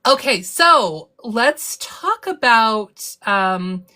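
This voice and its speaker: A woman leads a live book club discussion in a bright, clear voice. She rambles and restarts her sentences often, laughing as she talks. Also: fairly high pitch, big pitch swings, drawn-out words.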